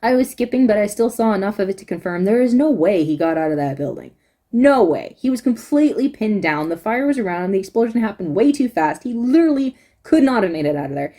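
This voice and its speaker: A woman's voice: medium pitch, animated, fast talker, warm tone. A woman giving a casual spoken review, rambling and emphatic, repeating words for stress, and close to tears. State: tearful, close to crying.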